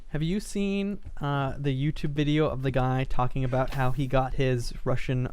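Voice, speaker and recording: A man's voice: medium pitch, steady tone, moderate pace, darkish tone, clear, resonant tone. A man hosting a let's play, chatting casually and telling a rambling story with frequent chuckles. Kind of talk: casual gaming chat.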